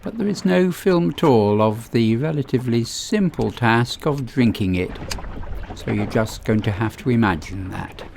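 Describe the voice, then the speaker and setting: A man's voice: medium pitch, lively intonation, moderate pace, vocal fry, a little mellow, slight background noise. A man narrating his own sailing film in a dry, wry scripted voice-over.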